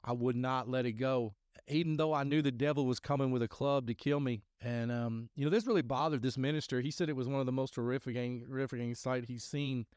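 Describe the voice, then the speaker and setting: A middle-aged man tells a story on his podcast in a loose, rambling way, circling back and restarting his sentences. His voice is smooth and clear, recorded close and dry. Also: mid-range voice, fairly even intonation, brisk, darkish tone, no echo. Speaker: podcast host sharing testimony. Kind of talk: casual spoken testimony.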